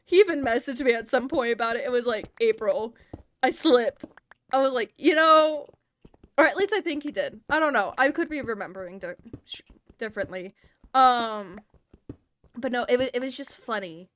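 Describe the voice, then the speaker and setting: A woman's voice: fairly high pitch, lively intonation, fairly quick, fairly bright tone. A woman from the American South with a Southern accent, rambling casually to her stream chat and laughing often.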